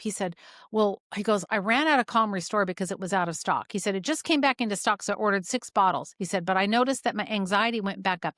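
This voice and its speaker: A woman hosting a podcast as a health practitioner, retelling a patient case in a casual, animated way and acting out both sides of the conversation. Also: no room sound, studio quality. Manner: animated, acts out both sides of conversations with big pitch jumps. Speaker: podcast host and functional medicine practitioner. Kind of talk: casual storytelling of a clinical case.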